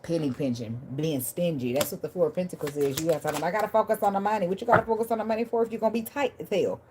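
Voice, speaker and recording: A woman reading tarot cards for her viewers in a casual, unfiltered way. She talks bluntly and swears freely, preaching and then laughing. Her voice sits fairly low, with a faint hum of room ambience behind her. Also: very fast. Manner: animated, laughing and addressing viewers by name. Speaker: tarot reader.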